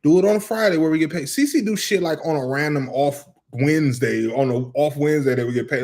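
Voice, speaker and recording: A man co-hosting a casual live chat with his wife, telling stories with lots of energy and mimicking her in a higher voice. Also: fairly quick. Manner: animated storyteller, imitates his wife in a raised voice; joking, ranting, bantering. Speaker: co-host of a couple's channel.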